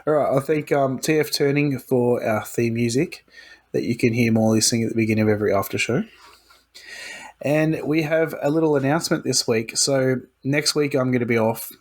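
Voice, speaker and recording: A man co-hosting a podcast in casual chat, relaxed as he runs the show's segments and announcements. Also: medium pitch, normal speed. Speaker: podcast co-host.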